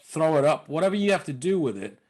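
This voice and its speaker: A man with a London accent, a comedian guest on a podcast, rambling through stories in a lively way. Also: a little high, fast talker. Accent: English, London. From England. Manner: animated, rambling storyteller. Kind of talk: podcast conversation.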